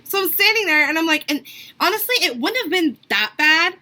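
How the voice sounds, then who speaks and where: Young woman, vlogger, animated storytime rant; bright, higher voice with lively swings. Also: a little fast. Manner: animated, acts out other people's lines; casual, lots of "like".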